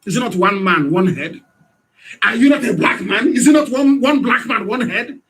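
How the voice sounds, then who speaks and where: A man with a Nigerian accent giving an impassioned political radio address, hectoring his listeners with rhetorical questions and sometimes shouting. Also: high voice, lively intonation, moderate pace. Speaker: radio broadcaster.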